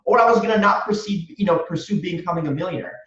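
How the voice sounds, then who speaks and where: A man's voice: sits high, fast, fairly bright tone, roomy sound, far from the mic, highs cut off. A man guest on a podcast, answering in an earnest, motivational way and repeating phrases for emphasis. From Romania. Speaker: guest, real estate wholesaler.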